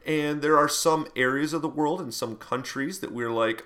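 A man's voice: a little high, moderate pace, fairly bright tone. A man teaching a lecture in a conversational, loose way, full of fillers and asides. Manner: puts on mock voices for quoted speech. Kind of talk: classroom lecture.

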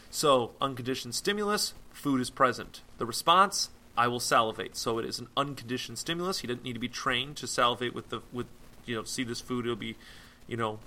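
A man's voice: mid-range voice, sharp tone. A man teaching a psychology lesson in a loose, chatty way, with many fillers and restarts. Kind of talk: casual explanatory lecture.

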